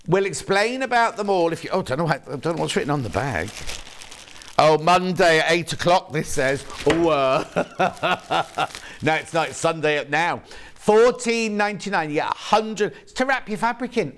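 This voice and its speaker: A man's voice: sits high, fairly bright tone. Chatty man presenting live sales. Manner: chatty, rambling, quick self-corrections. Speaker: shopping channel presenter. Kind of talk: live sales presenting, reading viewer messages. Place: TV studio.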